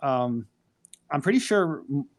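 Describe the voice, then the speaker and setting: A man's voice: medium pitch, animated, a little slow. A man hosting a casual live chat, an attorney who rambles, curses freely and fills his talk with fillers. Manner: rambling, profane, many fillers. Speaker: host.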